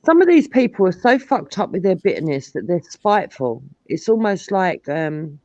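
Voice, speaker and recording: A middle-aged woman with a Cockney accent, hosting a casual live-stream chat, telling animated stories and swearing freely. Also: lowish voice, moderate pace, no room sound. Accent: London Cockney. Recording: dull lo-fi stream audio.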